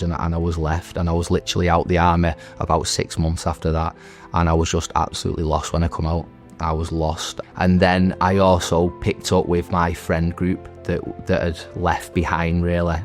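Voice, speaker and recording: A deep-voiced man in his thirties, a veteran who graduated from a recovery centre, shares earnest personal testimony. He speaks haltingly and restarts often.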